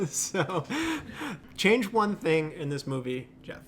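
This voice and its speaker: A man's voice: on the high side, expressive, slow. A man hosting a movie podcast in casual chat, laughing often and acting out quotes. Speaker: podcast host.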